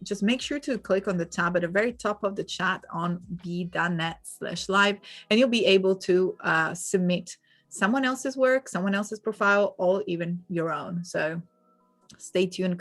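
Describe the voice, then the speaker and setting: A young woman with an Italian accent that has hints of British and American, chatting casually as a livestream host, laughing often and restarting her sentences. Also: on the low side. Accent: Italian, with some British and American sounds. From Italy.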